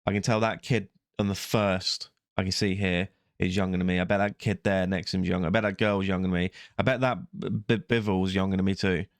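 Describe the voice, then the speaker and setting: A man's voice: low voice, fairly even intonation, fairly quick, few pauses, no echo, studio quality. A young man hosting a reaction video, rambling casually with sarcastic, self-mocking asides. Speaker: YouTube reaction host.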